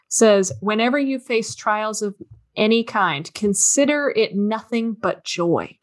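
A woman co-hosting a faith podcast, speaking candidly and thoughtfully about her doubts. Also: mid-range voice. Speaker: podcast co-host.

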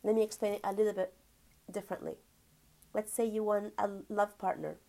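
A woman giving a spiritual teaching talk, gentle and earnest, stretching key words and sometimes dropping to a whisper. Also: mid-range voice, level tone, a little fast, gravelly. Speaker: spiritual teacher and energy healer.

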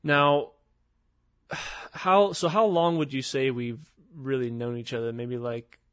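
A man's voice: medium pitch, fairly even intonation, takes it slowly, no echo. A man hosting a casual podcast with friends, talking in a rambling, hesitant way. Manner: rambling, hesitant, many restarts. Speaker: podcast host. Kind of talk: casual chat.

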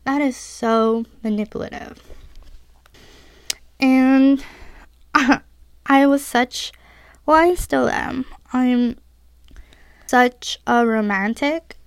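Slow, giggly young woman confiding. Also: high-pitched, clean tone, dry recording. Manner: confessional, giggly, says "like" often. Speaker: podcast host. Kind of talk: personal storytelling monologue.

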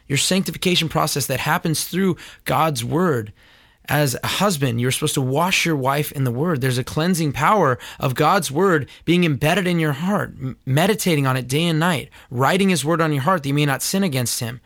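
The host of a show critiquing church teaching speaks at normal speed in a slightly high, fairly bright voice. Earnest and preachy, he sometimes stumbles and restarts his words, and the studio-quality recording has no echo.

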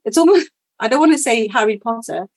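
A woman's voice: on the high side, lively intonation, fast, husky, no room sound. Young uk woman chatting in an interview, says like a lot, dry sound. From United Kingdom. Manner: chatty, many "like" fillers, laughs easily. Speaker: guest. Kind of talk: casual interview answers.

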